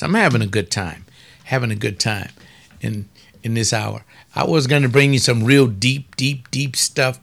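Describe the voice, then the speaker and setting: A man hosting a radio hour, preaching in a relaxed, conversational way and asking rhetorical questions between songs. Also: mid-range voice.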